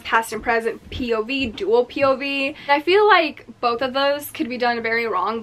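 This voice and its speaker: A woman's voice: a little high, fairly bright tone, a little hiss or hum. A woman reviewing her favorite books in casual chat, gushing and effusive, dropping into dramatic whispers. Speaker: book reviewer.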